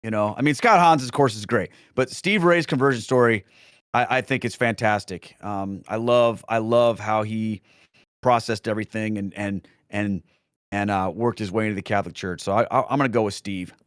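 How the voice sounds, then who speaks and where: A middle-aged man talks through his answers in an easygoing, unscripted way, circling back and restarting his sentences. His voice is smooth and resonant, and the recording is dry and close. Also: lowish voice, normal speed, no room sound. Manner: rambling with frequent restarts and fillers. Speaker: guest, Catholic speaker and former pastor. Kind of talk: casual Q&A answers.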